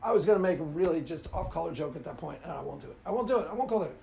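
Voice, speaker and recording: A man's voice: fairly high pitch, lively intonation, racing, gravelly, warm tone, a little hiss or hum. A man hosting his own video, ranting casually and rambling, often laughing at his own jokes. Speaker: video host.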